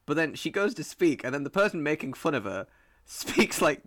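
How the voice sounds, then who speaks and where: A young man from Rochdale, a joking, teasing podcast co-host who enunciates clearly in casual chat. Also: a little high, big pitch swings, moderate pace, fairly bright tone, no echo, studio quality. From Rochdale, England.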